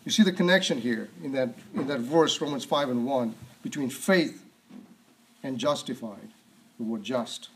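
A man's voice: medium pitch, moderate pace, low-quality recording. Man preaching emphatically. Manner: emphatic, repeats key words, frequent throat clearing. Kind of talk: sermon.

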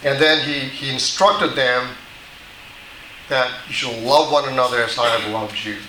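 A man's voice: mid-range voice, steady tone, unhurried, bright, forceful tone, reverberant, slight background noise, rough recording. A man preaching a sermon, teaching patiently and often restarting his sentences. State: dry mouth. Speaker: pastor.

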